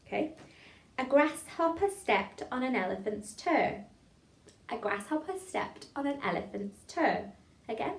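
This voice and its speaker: A woman's voice: sits high, animated, normal speed. A woman leading an online drama improvisation lesson, chatty and encouraging, laughing at her own slips. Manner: encouraging, chatty, self-deprecating. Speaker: drama teacher. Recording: echoey room, mic at a distance.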